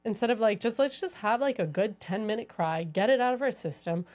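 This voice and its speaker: A woman's voice: mid-range voice, animated, a little fast, a little mellow. A woman co-hosting a podcast about marriage, talking reflectively in casual conversation and saying "like" a lot. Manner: reflective, says "like" often. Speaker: podcast co-host.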